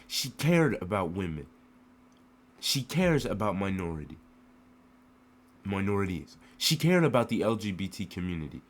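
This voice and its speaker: A man's voice: low-pitched, big pitch swings, moderate pace, pauses often. A man from the United States giving an emotional political rant to the camera, full of rhetorical questions and repeated phrases.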